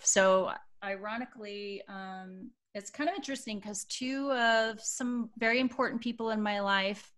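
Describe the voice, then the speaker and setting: A woman in her fifties speaking on a video call as an astrology panelist, soft-spoken and reflective, with many pauses and fillers. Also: medium pitch. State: emotional, choking up.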